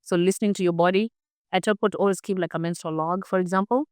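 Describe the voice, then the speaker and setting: Fast-talking middle-aged woman explaining health. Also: fairly low pitch, fairly even intonation, clear, resonant tone, no room sound, studio quality. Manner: explains with everyday examples and acted-out inner dialogue. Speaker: health expert guest. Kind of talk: conversational interview.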